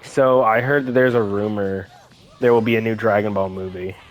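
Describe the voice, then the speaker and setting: A young gaming co-host, speaking at a normal speed in a lowish voice, relays an anecdote during casual banter. He's an animated storyteller who acts out the voices he quotes.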